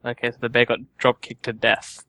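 Guy playing a tabletop game, lots of um and like, bright voice. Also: medium pitch, completely flat delivery, a little fast. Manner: hesitant, full of ums and likes. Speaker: player.

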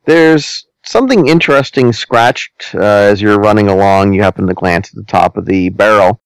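A man narrating a tabletop game as game master, deliberate and hesitant, with many ums and restarts. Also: on the low side, gravelly, clear, resonant tone, no echo, low-quality recording.

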